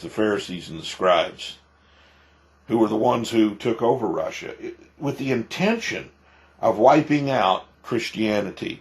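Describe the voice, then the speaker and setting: A male pastor giving emphatic preaching commentary, repeating himself and firing off rhetorical questions. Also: fairly low pitch.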